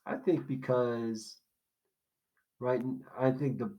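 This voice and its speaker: A man walks through a poem in a recorded lesson. He talks casually, poses questions and then answers them himself, at a middle pitch. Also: steady tone, slow pace, lo-fi sound. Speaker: teacher. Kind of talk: recorded classroom lesson walkthrough.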